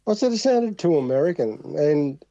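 A laconic Australian man with a very dark, mellow voice and a dry wit. He sounds dull and lo-fi, recorded close with no room echo. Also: fairly high pitch, very animated, normal speed. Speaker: podcast guest, former radio host. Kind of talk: casual podcast chat.

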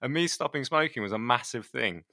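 A man co-hosting a podcast, telling stories in a lively way and laughing often. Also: medium pitch, fairly quick, dry recording, studio quality. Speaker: podcast co-host. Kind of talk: casual podcast chat.

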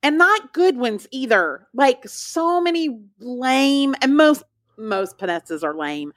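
A woman's voice: sits high, lively intonation, slow, fairly bright tone, dry recording, studio quality. A woman co-hosting a pop culture podcast, talking in a sassy, emphatic, casual way. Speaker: podcast co-host.

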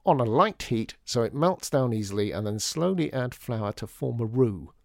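A man voicing a calm, practical woman cook who speaks briskly and matter-of-factly. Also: medium pitch, vocal fry, no room sound, clean studio sound.

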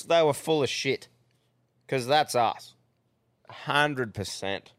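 Sweary Queensland bloke with a smooth dry voice. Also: mid-range voice, expressive, takes it slowly, no echo. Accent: Central Queensland Australian. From Central Queensland, Australia. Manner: blokey, sweary, laughs often. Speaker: podcast co-host. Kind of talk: casual podcast chat.

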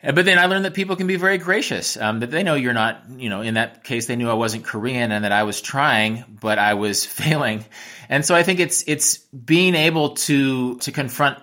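Bright-voiced American man, reflective. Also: mid-range voice, normal speed. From United States. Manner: reflective, with frequent restarts. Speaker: travel writer and teacher. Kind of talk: interview answers.

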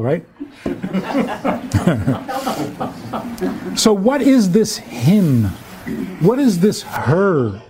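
A man's voice: high voice, warm tone, husky. A man, a rabbi giving a humorous lecture on relationships, who tells stories, acts out little dialogues and slips in wry jokes.

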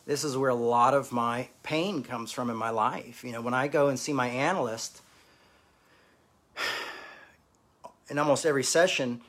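Rambling, halting man telling his story. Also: medium pitch, a bit bright. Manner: rambling, halting, with many fillers and restarts. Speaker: speaker sharing a personal story. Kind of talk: candid personal storytelling.

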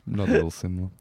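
A man's voice: on the low side, a bit bright, no room sound, clean studio sound. A young man co-hosting a podcast in casual, sweary banter, laughing often and reading out a story. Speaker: podcast co-host.

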